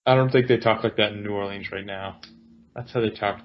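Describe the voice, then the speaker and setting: Low-voiced rambling podcast co-host, man. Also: steady tone, a little fast, dull audio. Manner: rambling, self-mocking, many restarts. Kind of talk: casual chat.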